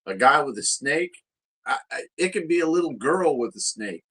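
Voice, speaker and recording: A man's voice: fairly high pitch, big pitch swings, normal speed, sharp tone, husky. A man, co-hosting a casual podcast chat, crude and boastful, often laughing at his own jokes. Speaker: podcast co-host.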